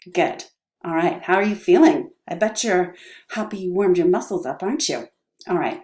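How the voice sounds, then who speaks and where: A woman's voice: on the low side, lively intonation, moderate pace, a little mellow, roomy sound. A middle-aged woman teaching drama, upbeat and encouraging, who checks in with her students often. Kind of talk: online class lesson with vocal warm-ups.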